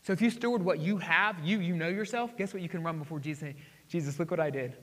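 High, bright-voiced excitable male pastor. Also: quick pace. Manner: excitable, swings between loud exclamations and hushed asides. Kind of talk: sermon. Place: church sanctuary. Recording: hall reverb.

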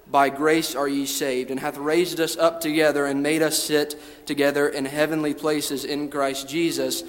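A man delivers a sermon in a fairly high voice, reading scripture and stressing words as he builds into fervent preaching. He often restarts his phrases and repeats himself. His voice rings with a long reverb.

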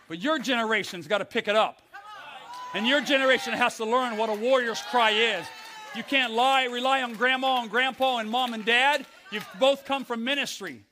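An older man preaching a fiery sermon in a church, building up to shouts. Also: extremely high pitch, a little hiss or hum. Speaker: pastor.

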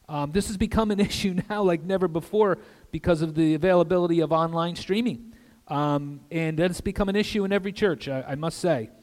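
A man's voice: a little high, fairly quick, few pauses. Older man preaching in a reverberant church. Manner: earnest preaching with asides and soft drops for emphasis. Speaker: guest pastor. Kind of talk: sermon. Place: church sanctuary. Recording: long reverb of a church hall.

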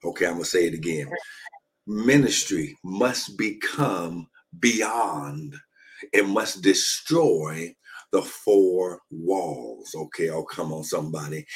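A man pastor with a low, husky voice preaches into a phone from a hotel room. He drives his points home by repeating phrases and calling out to listeners. The call gives the sound a close, casual quality. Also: slow, poor audio. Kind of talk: live-streamed preaching. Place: shared hotel room at a conference. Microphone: phone or laptop on a video call.

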